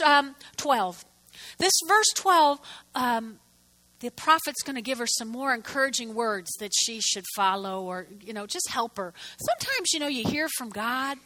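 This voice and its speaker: A woman pastor preaching a lively, playful sermon to her congregation, acting out the Bible figures in quotes. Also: sits high, poor audio.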